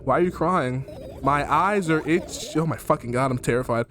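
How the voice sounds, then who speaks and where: Over background noise, a man with a fairly high voice plays a horror game on stream at a normal pace. He reads the game text aloud as commentary, laughing and cursing heavily.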